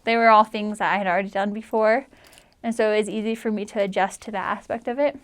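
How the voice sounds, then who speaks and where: A fast-talking American woman in her twenties, with a medium-pitched voice and fairly even intonation. She's a returned missionary casually telling her personal story, chatty and sometimes emotional, and she says "like" a lot.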